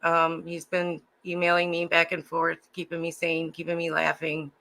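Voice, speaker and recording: A woman's voice: fairly low pitch, completely flat delivery, moderate pace, vocal fry, pushed and bright, low-quality recording. A woman with a Chicago accent co-hosting a livestream, chatting casually and hesitantly with many ums. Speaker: co-host. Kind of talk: casual chat.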